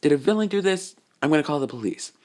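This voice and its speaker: A man's voice: on the high side, expressive, fast talker, darkish tone, voice pushed up, lightly acted. A man voicing a worried, frantic middle-aged mother who fires off anxious questions. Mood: alarmed.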